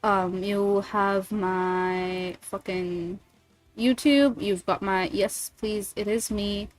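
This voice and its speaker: A woman's voice: mid-range voice, fairly even intonation, takes it slowly, soft background music. A woman streamer chatting casually and rambling, swearing freely between thoughts. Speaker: streamer and voice actor. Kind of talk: casual livestream chat.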